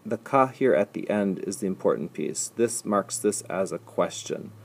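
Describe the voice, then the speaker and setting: A man gives a recorded classroom lesson in a low, slightly husky voice. He walks through each example patiently, repeating sentences slowly and carefully. His tone stays calm and instructive throughout. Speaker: language teacher. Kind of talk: recorded slide lecture.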